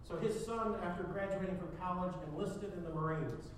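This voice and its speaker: A man pastor preaching a sermon, telling a story with dramatic swings from loud to hushed. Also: high voice, brisk, slight background noise. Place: church sanctuary. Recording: echoey church, picked up from a distance.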